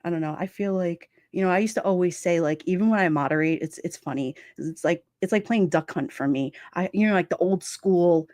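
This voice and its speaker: A woman's voice: lowish voice, a little fast, hardly any pauses, a little mellow, dry recording, clean studio sound. A woman hosting a livestream, chatting casually and reading viewer comments aloud, laughing often and slipping into quoted voices. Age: adult with children. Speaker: livestream host.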